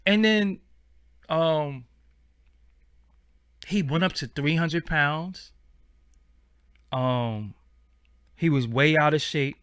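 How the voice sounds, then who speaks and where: A man's voice: a little high, very slow, pauses often, fairly bright tone, clean tone, no room sound, clean studio sound. A man, hosting a casual livestream and chatting in a slangy, rambling way. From Brooklyn, New York. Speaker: channel host.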